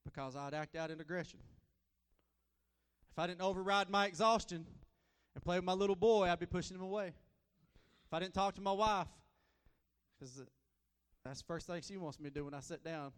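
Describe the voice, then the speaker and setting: A man preaching a sermon as a guest preacher, folksy and repetitive, swinging between loud and soft. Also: sits high, normal speed, clean tone, in a large hall.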